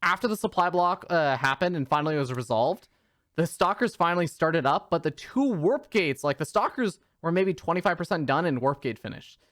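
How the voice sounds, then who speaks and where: Animated esports caster calling a match. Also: mid-range voice, fairly quick, dry recording, studio quality. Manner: lively, animated play-by-play with hedged analysis. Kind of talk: live play-by-play commentary.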